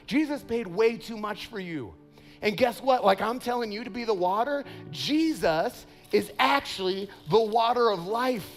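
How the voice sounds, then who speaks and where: A man's voice: sits high, normal speed, faint music behind. A man preaching a sermon in a playful, self-mocking way, laughing often and putting on voices for stories. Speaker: pastor.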